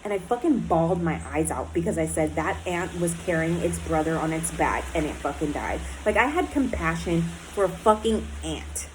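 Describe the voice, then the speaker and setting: A woman's voice: lowish voice, lively intonation, moderate pace, hardly any pauses, background noise. A woman in a recovery program speaking in a candid personal diary talk, blunt and emotional, swearing often and filling her speech with "like" and "um".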